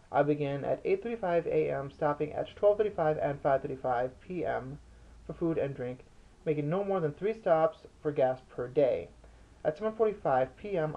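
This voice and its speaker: A man reading the part of a cold, calculating male arms smuggler who speaks calmly and precisely. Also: a little high, dull audio.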